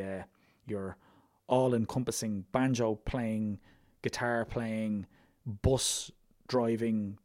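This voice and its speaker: A man's voice: lowish voice, a little mellow. A young Irish man hosting a folk music podcast, chatting in a loose, rambling and self-deprecating way with plenty of fillers. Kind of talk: casual podcast sign-off.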